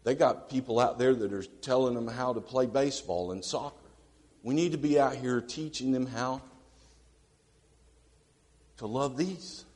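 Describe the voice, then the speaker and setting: A man preaching a sermon who swings from quiet asides to emphatic declarations and asks his congregation questions. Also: medium pitch, big-room sound.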